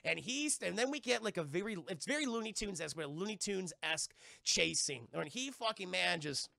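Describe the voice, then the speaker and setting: A male streamer rambles through a film plot for his chat, animated and profane. His voice is high, bright and forceful, with heavy vocal fry. The sound is close and dry, with no room echo. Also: brisk. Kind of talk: casual retelling of a film to chat.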